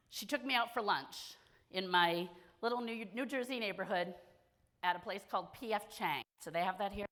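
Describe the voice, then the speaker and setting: A woman's voice: medium pitch, sharp tone. A woman from small-town Massachusetts giving a keynote talk on stage, telling a personal story candidly with wry, self-deprecating humor. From small-town Massachusetts, USA. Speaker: keynote speaker at a widowhood conference. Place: conference stage before an audience.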